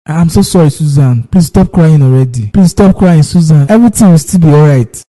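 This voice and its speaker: A woman's voice: sits low, a little fast, dark tone, long reverb tail, poor audio. A woman voicing a pleading husband. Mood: soothing. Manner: pleading, soothing. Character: worried husband Dave, adult man.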